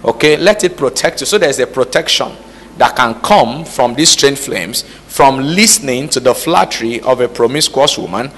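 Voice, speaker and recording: A man's voice: medium pitch, lively intonation, moderate pace, fairly bright tone. Man preaching in a hall. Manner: call-and-response, repeated "All right?" checks. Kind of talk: sermon. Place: church hall. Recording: reverberant hall.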